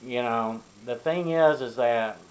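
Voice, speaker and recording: With a medium pitch and slow delivery, an older man from Arkansas vlogs casual guidance to young men, wandering as he talks and leaning on ums and you-knows. The audio is poor.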